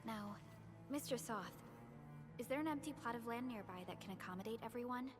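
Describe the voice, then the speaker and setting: An actress playing a calm, composed young female companion in a video game, speaking in a measured way. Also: a little high, over music, lightly acted. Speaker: game character.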